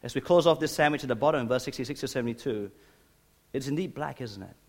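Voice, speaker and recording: A man preaching a sermon, animated and emphatic, speaking directly to his listeners. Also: mid-range voice, fast talker. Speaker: pastor.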